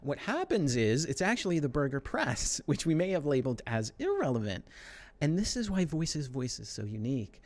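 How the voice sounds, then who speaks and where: A middle-aged man giving a conversational tech presentation, with lots of fillers and quick asides. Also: fairly high pitch, big pitch swings. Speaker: conference speaker.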